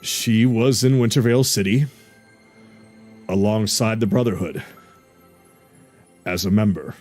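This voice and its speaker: A man's voice: fairly low pitch, unhurried, darkish tone, faint music behind. A man narrating and playing characters as game master, teasing his players.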